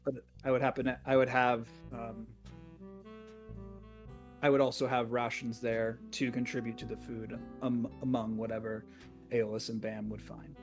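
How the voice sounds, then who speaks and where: A man playing a tabletop game in character, speaking in a hesitant, halting way. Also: medium pitch, flat delivery, soft background music. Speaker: player.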